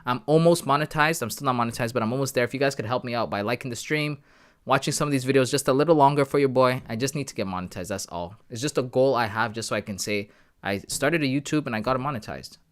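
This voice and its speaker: A man from Canada runs a live trading stream in a casual, hyped-up way, often calling his viewers guys and bro. His voice sits at an ordinary middle pitch. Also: fast talker, clean tone. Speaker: trading livestream host.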